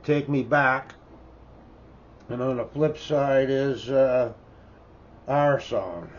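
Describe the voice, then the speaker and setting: Speaking very slowly in a medium pitch, a Canadian man in his seventies chats casually about his record collection, show-and-tell style. He's folksy and rambling, tagging lines with "eh?", and the recording sounds dull and lo-fi with a little background noise.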